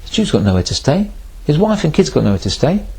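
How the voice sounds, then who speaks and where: A man, a rabbi, giving a sermon and telling a parable with animated storytelling. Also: on the high side, quick pace, gravelly. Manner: animated storytelling, acts out voices.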